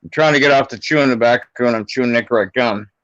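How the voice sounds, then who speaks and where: A congested man with a nagging cough, chatting on a podcast in a matter-of-fact, clipped way. His voice sits at a middle pitch. It sounds close and dry through dull, lo-fi audio. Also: fast, a bit bright, no room sound. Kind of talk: casual chat.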